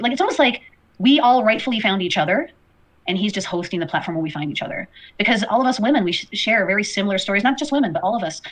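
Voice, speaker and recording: A woman's voice: medium pitch, animated, quick pace, a bit bright. A woman hosting a casual livestream, rambling and apologetic, her talk full of fillers. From Canada. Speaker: livestream host.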